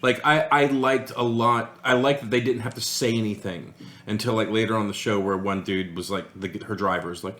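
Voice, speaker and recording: A man's voice: on the low side, steady tone, moderate pace, a bit bright, reverberant. A man co-hosting a casual chat show, joking and acting out quotes in silly voices. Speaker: podcast co-host.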